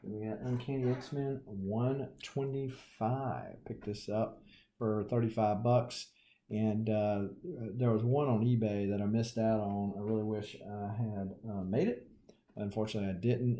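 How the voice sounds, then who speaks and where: A man's voice: lowish voice, mellow. A man with a Southern US accent, casually showing his comic collection with folksy, joking asides. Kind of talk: casual show-and-tell.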